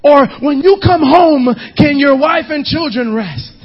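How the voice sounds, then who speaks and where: A male pastor preaching a sermon, emphatic, often shouting and half-singing his lines. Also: very high voice, a little slow, few pauses, muffled recording.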